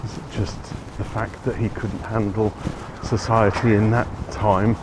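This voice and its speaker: A man's voice: on the low side, steady tone, unhurried. A man giving a chatty, rambling walking tour of city streets outdoors, often correcting himself. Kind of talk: casual walking-tour narration. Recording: outdoor street recording with traffic noise.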